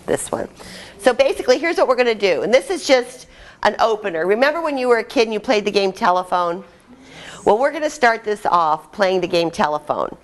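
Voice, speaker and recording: A woman trainer leading a live workshop, chatty and upbeat as she directs a group in a room. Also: medium pitch.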